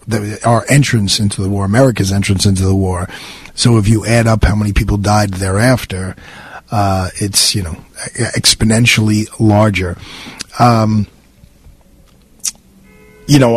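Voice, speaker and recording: A middle-aged man with a New York accent, hosting a radio show in a rambling, halting way, his voice raspy. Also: lowish voice, dry recording. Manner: rambling, halting, many fillers and restarts. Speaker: radio host. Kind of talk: casual radio monologue. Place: radio studio.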